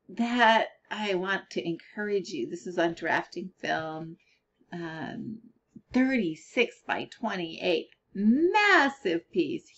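A woman's voice: mid-range voice, muffled recording. A middle-aged woman giving a casual spoken critique of colored pencil art, thinking aloud with fillers and restarts.

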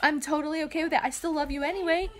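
A woman's voice: sits high, fairly even intonation, rapid-fire, a bit bright, a little hiss or hum. Earnest, shaky-voiced woman vlogging at home. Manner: earnest, rambling, many fillers and restarts. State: emotional, shaky. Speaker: vlog host. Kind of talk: casual heartfelt talk to camera. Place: family home with kids around.

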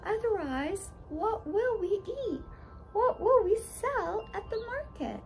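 A woman's voice: very high-pitched, expressive, slow, a little mellow, slight background noise, voice pushed up, heavily acted. A woman voicing a shy, timid little girl who frets aloud. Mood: fretful. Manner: shy and fretful.

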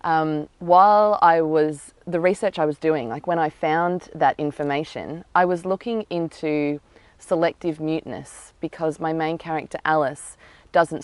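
A woman's voice: deep voice, clean tone, no echo. A woman author, speaking thoughtfully and earnestly outdoors about her novel, with some fillers. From Australia. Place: outdoors in botanical gardens.

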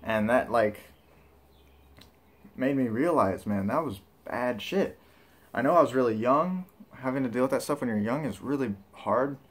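Guy vlogging casually, rambling, lots of likes and ums, regular pitch. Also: moderate pace. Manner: rambling, loose and candid, with many fillers. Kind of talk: casual vlog talk.

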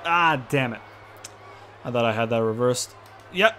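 A man giving excitable, profane let's-play commentary, often repeating himself. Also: mid-range voice, unhurried, a little hiss or hum. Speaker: gaming video host.

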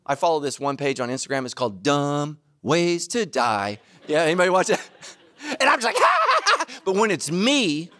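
A middle-aged man preaching a sermon, self-mocking and animated, now and then bursting into shouts. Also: a little high, moderate pace, no echo. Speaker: pastor.

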